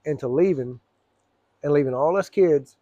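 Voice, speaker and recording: A middle-aged man telling a personal story, blunt and profane, rambling with frequent throat clearing. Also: a little high, moderate pace, mellow, no echo, dull audio.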